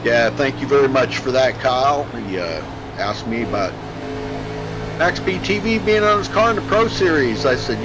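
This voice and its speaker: A man's voice: mid-range voice, expressive, normal speed, over music, low-quality recording. A man calling a sim race as play-by-play commentator, folksy and chatty. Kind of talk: sim racing broadcast commentary.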